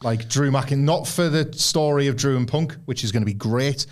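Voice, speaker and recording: A man's voice: medium pitch, moderate pace. A man co-hosting a wrestling podcast, talking in a loose, rambling way, breaking off mid-thought and acting out quoted lines. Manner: rambling, self-interrupting, acts out quotes. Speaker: podcast co-host. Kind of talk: casual podcast chat.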